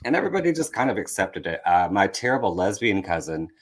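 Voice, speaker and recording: A man's voice: sits low, very animated, fast. A young man and comedian, telling candid, self-deprecating stories from his life in a casual podcast chat. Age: young adult. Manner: candid, self-deprecating, acts out family voices. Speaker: comedian guest.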